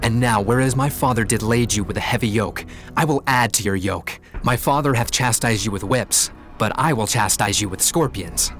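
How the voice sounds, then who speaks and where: An actor playing a brash young royal adviser giving scornful counsel in a dramatized scripture reading. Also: male voice, medium pitch, normal speed, few pauses, a bit bright, soft background music, close to an everyday voice. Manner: boastful, scornful.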